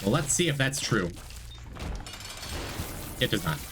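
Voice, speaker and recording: A man's voice: mid-range voice, big pitch swings, unhurried, background noise. A man streaming a game, chatting casually, rambling and joking as he reads and answers chat. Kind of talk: casual live-stream chat while gaming.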